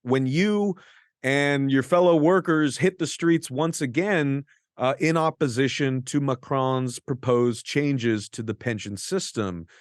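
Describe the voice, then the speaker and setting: A man hosting an interview from a studio, reading an earnest introduction and then asking measured questions. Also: medium pitch, dry recording. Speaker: interview host. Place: radio studio.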